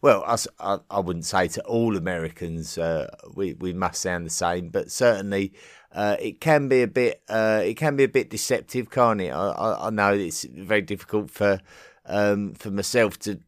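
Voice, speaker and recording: An English man hosting a podcast, answering listener messages in a casual, halting way with frequent ums and restarts. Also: fairly low pitch, dry recording, studio quality. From England. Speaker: podcast host. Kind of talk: casual listener-mail segment.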